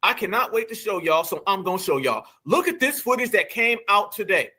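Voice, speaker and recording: A man's voice: high-pitched, big pitch swings, brisk, pushed and bright. A male host giving mocking, indignant commentary on video clips and calling his viewers family.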